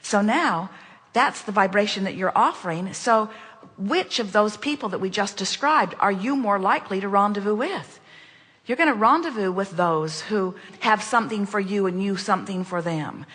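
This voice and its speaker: A woman speaking in a measured, emphatic way, teaching about money and attraction as "we". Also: medium pitch, fairly bright tone, slightly rough. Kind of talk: spoken teaching in conversation. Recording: long hall reverb.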